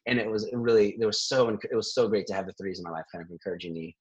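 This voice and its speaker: Husky-voiced man, animated and laughing. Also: on the low side, rapid-fire, dull audio. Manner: animated, laughs often between thoughts. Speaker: therapist. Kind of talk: conversational interview.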